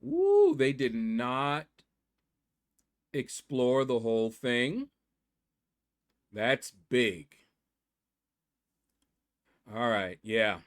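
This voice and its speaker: A man hosting his gaming channel, talking viewers through his matches in a chatty, excitable way. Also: medium pitch, extremely slow, pauses often. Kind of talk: mobile game commentary.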